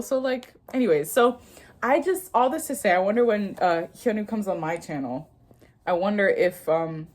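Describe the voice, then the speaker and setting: A woman's voice: medium pitch, animated, moderate pace, darkish tone. A young woman in her twenties from the United States, chatting casually and reading a lesson aloud while learning a language, swearing freely and laughing often. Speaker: vlogger learning Korean. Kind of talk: casual study vlog.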